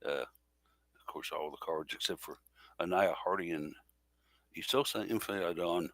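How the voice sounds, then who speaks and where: Man, very low voice, bright tone, halting, lots of fillers, casual sports talk. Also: no echo. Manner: halting, many fillers and self-corrections. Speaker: podcast co-host.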